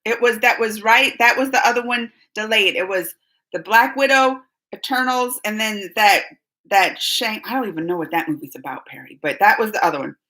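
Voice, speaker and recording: Woman, forties, bright sharp voice, animated, casual live-stream host. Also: medium pitch, normal speed, rough recording. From United States. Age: 40s. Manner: animated, repeats herself, talks straight to chatters by name.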